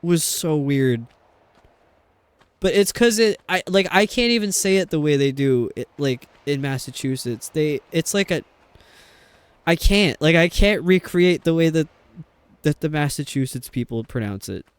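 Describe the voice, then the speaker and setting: A man's voice: a little high, lively intonation, measured pace, clear, resonant tone, no room sound. A man from New York with a New York accent, chatting and rambling casually while streaming a game. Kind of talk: casual chat while gaming.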